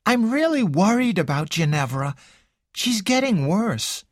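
An audiobook reader voicing a worn-down young woman who pleads in an emotional, hopeless way, pitched well above the reader's own voice. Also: big pitch swings, a little slow, no echo, clean studio sound. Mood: desperate.

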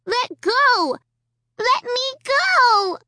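A woman reading aloud, voicing a tearful three-year-old girl with a very high, wailing voice. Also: extremely slow, pushed and bright, a little hiss or hum, exaggerated voice. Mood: crying, pleading.

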